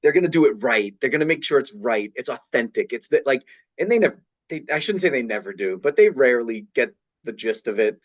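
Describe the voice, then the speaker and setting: A man's voice: mid-range voice, expressive, brisk, no echo. A man with a Boston accent, a podcast guest in casual conversation, who often stops and restarts and repeats words. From New England. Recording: slightly dull, lo-fi audio.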